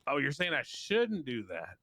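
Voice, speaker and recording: A man plays a stern judge in an online roleplay courtroom, pressing people with pointed questions. His voice sits at an everyday middle pitch. The sound is dry and close, with no room around it. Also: wildly swooping pitch, unhurried, a bit bright, no echo. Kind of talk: in-character roleplay banter.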